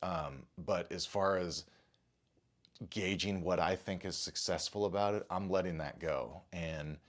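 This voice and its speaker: A man with a very low voice speaks to camera, visibly shaken. He stammers, restarts his sentences and curses now and then while recounting an experience that unsettled him. He sounds like a father telling the story right after it happened. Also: measured pace. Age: adult father. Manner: rattled, stammering, restarts and swears. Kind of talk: shaken first-person account to camera.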